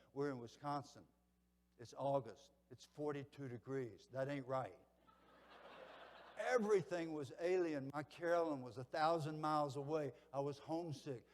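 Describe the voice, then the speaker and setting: A man in his seventies with a Southern accent gives a motivational keynote at a banquet, telling stories dramatically and swinging from hushed to loud. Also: fairly high pitch, in a large hall. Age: 70s. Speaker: keynote speaker. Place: large banquet hall.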